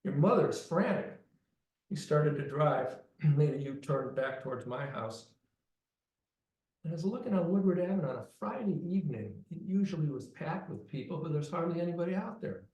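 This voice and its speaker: A man's voice: fairly high pitch, brisk, darkish tone. Man telling a story in a roomy space. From Detroit. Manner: dramatic, acts out other voices. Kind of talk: live personal storytelling.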